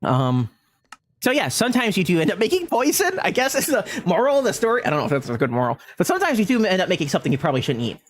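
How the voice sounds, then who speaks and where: A male streamer spins a funny anecdote in an easy, chatty way. His pitch swings high and low as he tells it. He keeps slipping into bursts of laughter. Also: very fast. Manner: animated anecdote-telling, often breaking into laughter. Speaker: gaming streamer. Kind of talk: casual storytelling while streaming.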